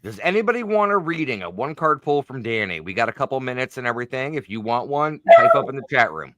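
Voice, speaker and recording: A man's voice: medium pitch, big pitch swings, fast talker, a bit bright, no echo. A man hosting a livestream, reading viewer names from the chat in an upbeat way.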